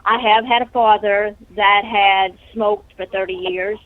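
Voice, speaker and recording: A woman's voice: mid-range voice, fairly even intonation, unhurried, dry recording. A woman calling in by phone, short of breath, earnest and rambling as she describes her symptoms. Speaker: caller. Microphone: telephone. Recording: tinny dry phone line.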